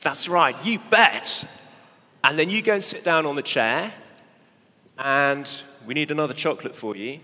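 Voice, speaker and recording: A man's voice: a little high, expressive, normal speed, pushed and bright, big-room sound. A man preaching a children's talk, coaxing young volunteers through a parable they act out on stage. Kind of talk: sermon with volunteers acting a parable.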